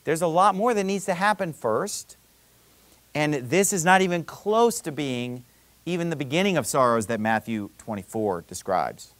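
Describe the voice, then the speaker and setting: A man preaching a sermon in an animated, conversational way, full of rhetorical questions and quoted scripture. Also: fairly high pitch, moderate pace, dry recording. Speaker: pastor.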